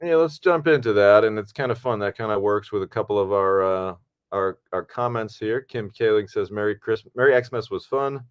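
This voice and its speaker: A man co-hosting a podcast from home on a video call, telling a relaxed, rambling story with many fillers. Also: fairly low pitch, normal speed, clean tone. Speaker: podcast co-host and actor. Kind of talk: casual podcast chat. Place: home, at a computer.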